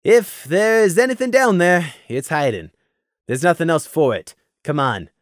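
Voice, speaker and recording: A man voicing a firm male deer sergeant who talks in a brisk, commanding way. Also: on the high side, animated, no room sound, studio quality, voice pushed up.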